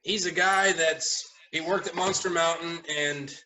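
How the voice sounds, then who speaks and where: A man chatting casually at a round table, telling lively stories and laughing often as he goes. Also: a little high, unhurried, poor audio. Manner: animated storyteller, laughs often. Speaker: haunt owner, podcast regular. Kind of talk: casual storytelling chat.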